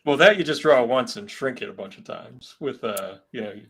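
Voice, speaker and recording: A man's voice: mid-range voice, expressive, normal speed, slightly rough. A man hosting a live stream, asking easygoing, curious questions in a casual interview. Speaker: host.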